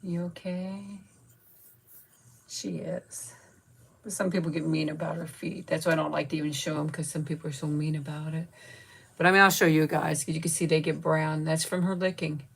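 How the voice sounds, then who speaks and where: Husky lady in her 50s, chatty, coos at her pet and thanks viewers. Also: low-pitched, steady tone, moderate pace. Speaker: channel host. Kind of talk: casual live chat.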